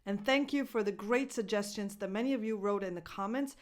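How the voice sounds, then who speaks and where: A woman, teaching English pronunciation slowly and carefully, repeating each word syllable by syllable. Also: mid-range voice. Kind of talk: pronunciation lesson to camera.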